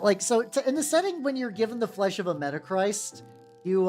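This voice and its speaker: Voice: medium pitch, expressive, normal speed, darkish tone. A VTuber who paints miniatures, chatting casually and profanely with live-stream viewers while working, often restarting sentences. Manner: rambling and profane, with frequent self-restarts. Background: faint background music.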